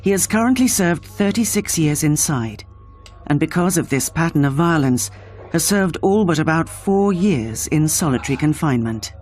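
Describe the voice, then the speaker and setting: A man's voice: on the high side, lively intonation, moderate pace, a little mellow. Male documentary narrator over music. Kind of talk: scripted narration.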